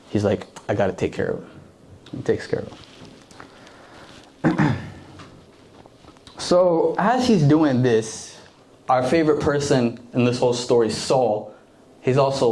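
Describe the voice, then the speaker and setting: A man's voice: mid-range voice, a little mellow. A young man preaching a casual sermon with a mid-range voice. He talks in everyday slang, full of filler words. He jumps in and out of voices for the people in the story. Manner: slangy and conversational, acts out the story characters. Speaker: youth preacher.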